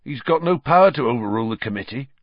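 A big, gentle gamekeeper in grief, as a male audiobook reader voices him, talking haltingly with a tremble. The recording is dry and a little muffled. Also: medium pitch, animated, dry recording, pitched above the performer's own voice, close to an everyday voice. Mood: resigned. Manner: halting, shaky speech. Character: huge, grieving, gentle gamekeeper man.

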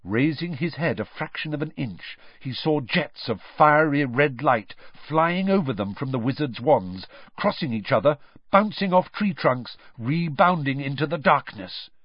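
A man narrating an audiobook with a dramatic, expressive reading, on a slightly dull, dry recording. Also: fairly high pitch, measured pace, no room sound.

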